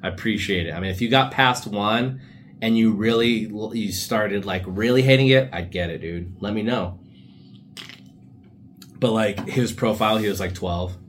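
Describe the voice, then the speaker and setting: Lowish and moderately paced, with slight background noise, the voice is a young man's hosting a casual solo podcast. His stories meander along in a relaxed way, full of slang and asides, and quotes often come out in silly put-on voices.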